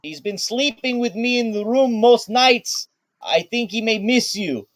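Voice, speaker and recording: A man's voice: very high-pitched, animated, unhurried, no room sound, voice pushed up. A man voicing an eager, polite male ship crewman who calls out in an earnest, courteous way. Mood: kindly.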